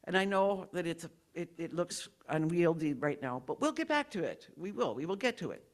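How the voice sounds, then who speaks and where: A woman's voice: fairly low pitch, big pitch swings, normal speed. A woman giving friendly, rambling church announcements as board president, often stopping to correct herself.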